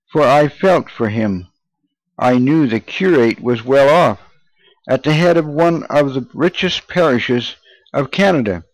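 Brief: male audiobook narrator, measured and earnest, mid-range pitch, dry close sound. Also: no room sound, poor audio. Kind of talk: audiobook reading of a memoir.

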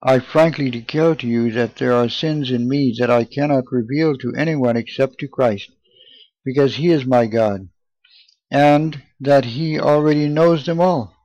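A man's voice: medium pitch, a little slow, darkish tone, dry recording, close to an everyday voice. A man voicing a trembling, devout young woman pleading at confession, in his own everyday voice on a dull lo-fi recording. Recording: dull lo-fi, dry.

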